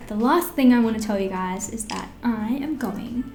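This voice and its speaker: A woman's voice: a little high, brisk, few pauses. Chatty Australian woman vlogging. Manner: rambling and animated, many fillers. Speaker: beauty vlogger. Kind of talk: get-ready-with-me vlog chat. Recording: roomy echo.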